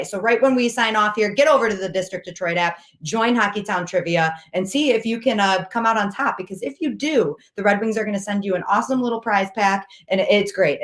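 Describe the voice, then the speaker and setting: Upbeat woman hosting a sports show. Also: mid-range voice. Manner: upbeat, promotional wrap-up. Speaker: host. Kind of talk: casual sports talk.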